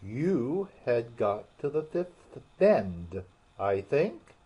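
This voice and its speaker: A man voicing an eager, polite young girl in a storybook audiobook, raising his pitch. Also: sing-song, extremely slow, slightly rough, heavily acted. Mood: pleading. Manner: earnest, pleading. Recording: muffled, dull audio.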